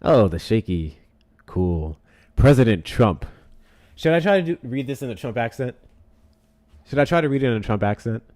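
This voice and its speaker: A man's voice: mid-range voice, lively intonation, normal speed, long pauses, a little mellow. A young man hosting a live stream, reading articles aloud and reacting with profane, sarcastic commentary.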